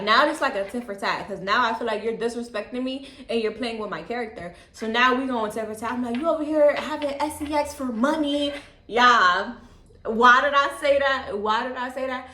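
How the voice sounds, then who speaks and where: Chatty young woman in an echoey room. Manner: chatty, candid, says "like" and "you know what I'm saying" a lot; calm, low-key delivery. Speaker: vlogger. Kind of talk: casual storytime.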